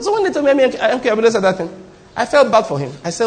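Animated male preacher. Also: very high voice, rapid-fire. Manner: animated, repetitive, laughing storyteller. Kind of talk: sermon with storytelling.

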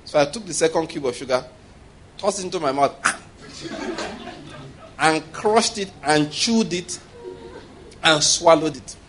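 A man's voice: on the high side, measured pace, pauses often, fairly bright tone, a little hiss or hum. Humorous preacher man with call-and-response. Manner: humorous, call-and-response with congregation, laughing often. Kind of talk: sermon.

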